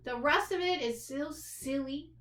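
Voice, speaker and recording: A woman with a high voice gives her take in a casual review chat, blunt and quick to dismiss. She circles back to the same complaints. The sound is echoey, as if from a bare room. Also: a crowd in the background. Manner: blunt, dismissive, repeats herself. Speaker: podcast co-host, film reviewer.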